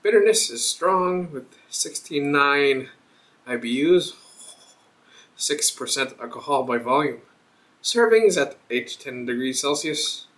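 A man's voice: on the high side, animated, measured pace, a bit bright. A man hosting a casual beer review vlog, thinking aloud and rambling as he reads the label.

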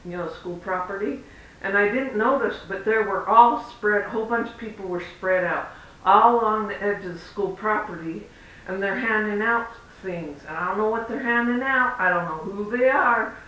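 A man's voice: moderate pace, sharp tone. A man vlogging as a parent, telling a story in a chatty, rambling way and acting out the back-and-forth of conversations. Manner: chatty, rambling, acts out quoted exchanges. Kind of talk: casual vlog storytelling. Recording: roomy echo, far from mic, faint rumble.

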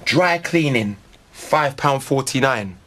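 A man's voice: mid-range voice, animated, slow, noisy background. A young man chatting casually as a reality show contestant, cheeky and loose with slang. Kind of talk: casual chat.

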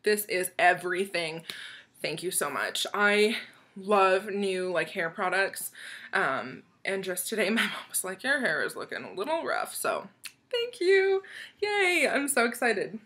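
Her voice is medium in pitch, sing-song, unhurried, pushed and bright. She's a young American vlogger chatting casually while unboxing a swap package, bubbly and effusive, with lots of giggles.

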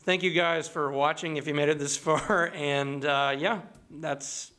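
Relaxed man talking plainly. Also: a little high, measured pace. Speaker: voice impressionist. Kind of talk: casual talk to camera.

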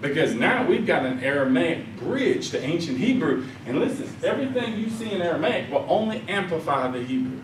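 A man giving a conference lecture. He tells animated stories and acts out quoted voices. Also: a little high, a little fast, few pauses, distant mic, slight background noise. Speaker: conference speaker. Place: conference hall. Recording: echoey hall, speaker off mic.

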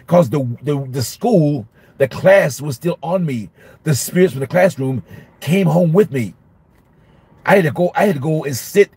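A middle-aged male minister giving an informal Bible study, emphatic and repetitive, sometimes acting out shouting at a class. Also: fairly high pitch, husky, dry recording. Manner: emphatic, repeats phrases, acts out shouting at a class.

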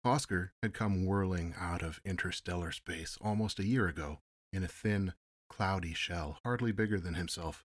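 A man narrating an audiobook in a measured, steady storytelling manner. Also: low-pitched, no room sound, studio quality. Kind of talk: audiobook reading.

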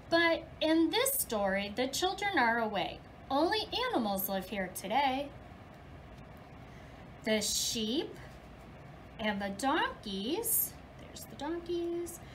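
A woman preschool teacher reading a picture book aloud to young children, with an expressive storybook delivery and playful animal noises. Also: high-pitched, a little hiss or hum, poor audio.

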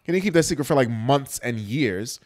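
A man in his thirties hosting a podcast, talking bluntly and profanely in casual banter, getting loud when he argues. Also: medium pitch, lively intonation, brisk, no echo. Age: 30s. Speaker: podcast host.

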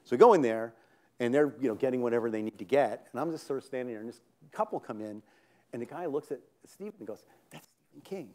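A man's voice: mid-range voice, fast talker, a little mellow. A man in his sixties from New York State, an author telling rambling, self-interrupting comic stories on a theater stage and laughing at his own punchlines. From New York State, USA. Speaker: author guest. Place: theater stage before an audience.

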